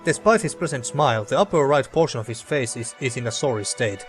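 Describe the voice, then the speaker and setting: Over music, a man speaks briskly and expressively in a mid-range voice while hosting a let's play. He reads in-game text aloud, chats casually, trips over his words, and swears a lot.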